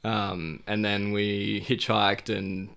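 A man's voice: on the low side, little pitch movement, slow pace, creaky, fairly bright tone, smooth. A man telling a travel story in casual talk, rambling with many fillers and laughing as he goes. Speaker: guest.

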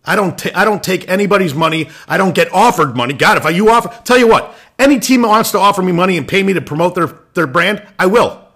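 A man's voice: high voice, expressive, fast, a bit bright. A man hosting a lacrosse show, ranting bluntly with swearing and restarts, irritated. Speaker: lacrosse podcast host. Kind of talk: opinion rant.

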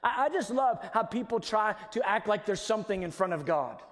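Animated high-voiced preacher in a reverberant hall. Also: male voice, fairly quick. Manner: animated, swings between loud emphasis and near-whispers. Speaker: pastor. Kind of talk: sermon. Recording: long reverb of a large hall.

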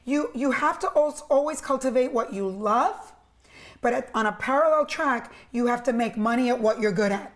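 A middle-aged woman with a New York accent, from Cuba, speaking in a high, bright register. She tells her story as an interview guest with animated, emphatic energy. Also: normal speed. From Cuba, raised in New Jersey. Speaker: interview guest, media executive. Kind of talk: casual conversational interview.

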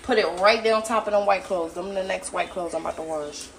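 Blunt, loud-scolding woman podcast host. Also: mid-range voice, fast. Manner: blunt, profane, scolds loudly. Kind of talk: casual chat. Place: at home. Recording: noisy background.

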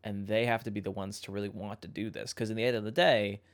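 A young man hosting a podcast in casual chat, thinking out loud in a reflective way and often correcting himself mid-sentence. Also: lowish voice, fairly even intonation, fast. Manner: reflective, rambling, self-correcting. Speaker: podcast host.

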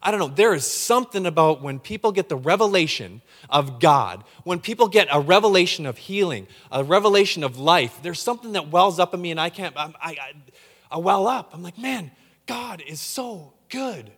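A man's voice: a little high, brisk, long reverb tail. A man preaching a sermon, getting fired up and tripping over repeated words as he talks. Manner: excitable, gets hyped up when preaching. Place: church hall.

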